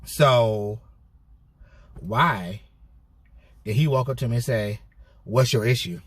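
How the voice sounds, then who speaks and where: A man vlogging a casual storytime, telling it in a heated, profane way with animated bursts. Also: mid-range voice, slow pace, breathy edge. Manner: cheerful put-on customer-service voice when mimicking himself.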